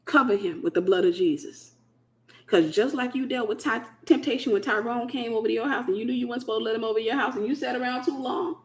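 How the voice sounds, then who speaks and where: A woman's voice: on the high side, fast talker. A woman from the United States hosting a casual Christian teaching talk, speaking in an emphatic, colloquial way and repeating her key phrases. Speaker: host.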